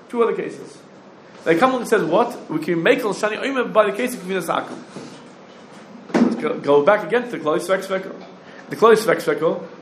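Man lecturing briskly in an echoey room. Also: on the high side, slight background noise. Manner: rapid questioning, rising challenges. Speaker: religious law teacher. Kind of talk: Talmudic lecture. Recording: roomy echo with faint ambience.

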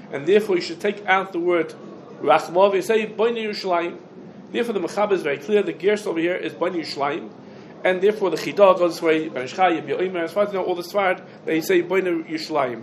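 A man with a fairly high voice gives a halachic lecture, talking it through out loud and dropping Hebrew and Yiddish terms into his English. Faint background noise sits under the recording. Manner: thinks aloud, mixes Hebrew and Yiddish terms. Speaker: Torah teacher.

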